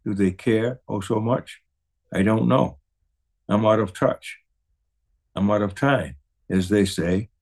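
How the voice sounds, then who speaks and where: Male reader for a solemn poem, very slow, unhurried, weighty delivery. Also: on the low side, creaky, darkish tone. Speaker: poetry reader. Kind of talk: slow solemn poetry recitation.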